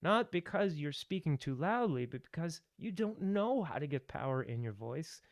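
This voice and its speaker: A man's voice: on the high side, very animated, normal speed, dry recording. A man giving a voice tutorial, opinionated and emphatic, ranting at times. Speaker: voice teacher. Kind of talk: tutorial with rants.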